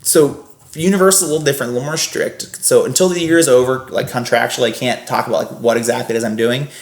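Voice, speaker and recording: A young man, a podcast guest, telling stories in a casual, animated, rambling way with lots of fillers. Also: mid-range voice, quick pace, gravelly. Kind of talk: casual storytelling. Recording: roomy echo.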